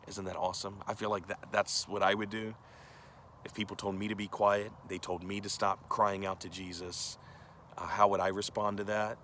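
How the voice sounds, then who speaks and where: A man's voice: fairly low pitch, fairly even intonation, moderate pace, a bit bright, a little hiss or hum. A male pastor giving a conversational sermon, earnest and direct, often asking the listeners questions.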